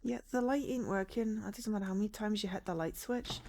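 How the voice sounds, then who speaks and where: A woman's voice: medium pitch, fairly quick, hardly any pauses, a little mellow, no room sound. A woman streaming a point-and-click game, chatting casually and reading the game text aloud with joking asides. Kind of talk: casual let's-play commentary.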